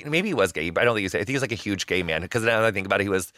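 Fast-talking man telling stories. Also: lowish voice, animated, sharp tone, dry recording, studio quality. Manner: rambling storyteller, heavy swearing and fillers. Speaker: podcast guest. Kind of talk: casual chat.

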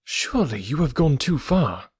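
A man's voice: medium pitch, very animated, moderate pace, breathy edge, no echo, clean studio sound, pitched above the performer's own voice. A man reading the part of an earnest, loyal male doctor in an audiobook, raising his voice in an anxious, protesting way. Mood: startled.

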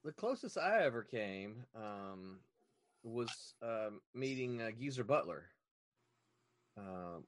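A man in casual conversation, telling an excitable story about meeting someone. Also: lowish voice, takes it slowly, dry recording. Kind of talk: casual chat.

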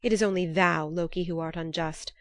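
A woman reading the lines of a greedy, furious male dwarf in a myth, bitter and shouting in formal, archaic speech. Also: lowish voice, fairly even intonation, a little fast, no room sound, close to an everyday voice.

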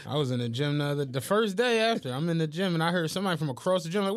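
A young man co-hosting a podcast, telling animated, profane stories in casual chat. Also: on the high side, very fast, hardly any pauses, dry recording, clean studio sound. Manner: animated storytelling, swearing. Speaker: podcast co-host.

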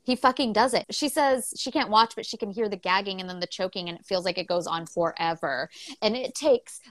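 A woman co-hosting a casual book podcast, retelling the story with animated voices for the characters and casual swearing. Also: medium pitch, brisk, no room sound. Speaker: podcast co-host.

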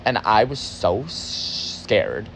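A man's voice: fairly low pitch, big pitch swings, slow pace, creaky, fairly bright tone, slight background noise. A young man telling a story in a casual, agitated way, cursing often for emphasis. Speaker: podcast host, former barista.

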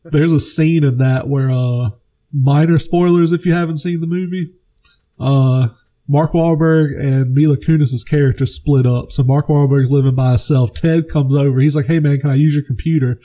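Animated man telling stories on a podcast. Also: on the high side, moderate pace. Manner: animated storyteller, swears freely, acts out movie quotes. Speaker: podcast co-host. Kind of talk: casual chat.

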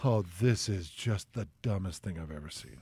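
A man's voice: low-pitched, expressive, moderate pace, dark tone, breathy edge, no room sound. A man co-hosting a radio show, chatting casually and sounding incredulous, and he laughs easily. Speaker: radio co-host.

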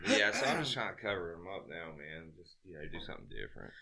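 A man's voice: low-pitched, lively intonation, fast talker, bright, forceful tone. A middle-aged man in casual chat, laid-back and laughing often as he talks.

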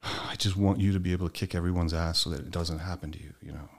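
A man with a very low, deep voice talks candidly in a relaxed chat, swearing freely. He tells personal stories and acts out the lines of the people in them. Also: fast talker. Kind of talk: candid conversational storytelling.

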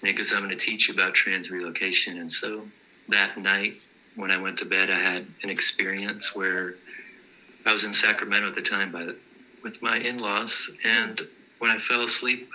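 A man with a fairly low voice that sounds very bright and forceful tells his personal stories casually. His delivery stays flat and even, earnest and matter-of-fact. He plays it straight throughout. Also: moderate pace, rough recording. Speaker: guest telling his vision stories.

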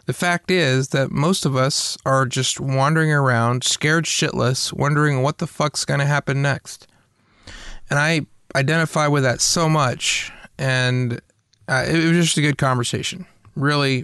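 Male podcast host, mid-pitched, candid, loose casual read, dry booth sound. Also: fairly even intonation, moderate pace, a bit bright, clean tone, dry recording. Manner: candid, swears casually, stumbles and repeats words.

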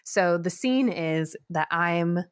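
Lively, laughing woman podcast host. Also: takes it slowly, smooth. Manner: animated, laughs often, jumps into high quoted voices. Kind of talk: casual chat, storytelling.

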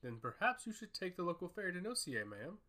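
A man's voice: sits high, very animated, brisk, pushed and bright, heavily acted. A man voicing a rude, gray-haired ship captain in a storybook reading, speaking in a condescending and dismissive way.

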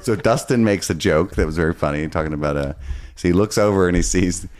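A man co-hosting a podcast, recapping and musing in a relaxed, rambling way with casual swearing. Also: low-pitched, fast. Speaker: podcast co-host recapping episodes. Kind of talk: casual chat.

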